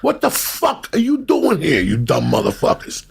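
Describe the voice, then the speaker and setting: A furious street cop barks and scolds in a high, strained shout, as a man puts him on. The voice is raspy and gravelly underneath. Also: huge pitch swings, moderate pace, heavily acted. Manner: loud, profane and scolding. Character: yelling angry male street cop.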